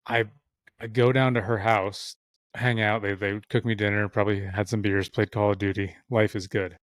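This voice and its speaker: In a dry recording, a young podcast guest with a lowish voice and flat delivery talks at normal speed. He rambles through a long casual story, cursing a lot and performing the voices of people he quotes.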